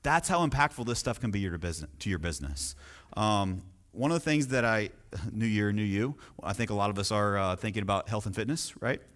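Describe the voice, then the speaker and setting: A male real estate coach gives an energetic sales training talk in a somewhat low voice. He speaks emphatically and keeps checking in with the audience through questions. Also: fairly quick.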